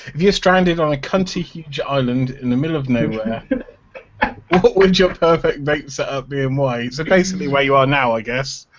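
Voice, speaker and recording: A man's voice: mid-range voice, normal speed, lo-fi sound. A man hosting a podcast, jokey as he reads out listener questions and keeps the show moving. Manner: jokey, reads questions aloud and moves things along. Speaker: podcast host. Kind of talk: casual chat, reading listener questions.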